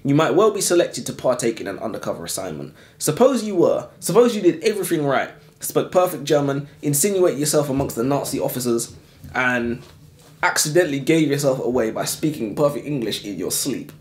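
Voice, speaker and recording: Lively young man in an echoey room. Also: medium pitch, fairly quick. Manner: animated, laughs often, slangy. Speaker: book podcast co-host. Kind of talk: casual book discussion.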